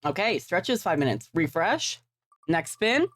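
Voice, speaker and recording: A woman's voice: lowish voice, big pitch swings, a little slow, no echo. A woman livestreaming, chatting casually and rambling with offhand swearing while setting up a game. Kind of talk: casual live-stream chat while gaming.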